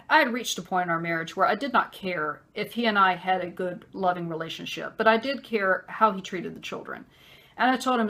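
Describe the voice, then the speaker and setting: A woman telling a personal story in a conversational vlog, with many fillers and pauses. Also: medium pitch, bright, forceful tone. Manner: acts out a harsh man's voice in quotes. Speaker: vlogger.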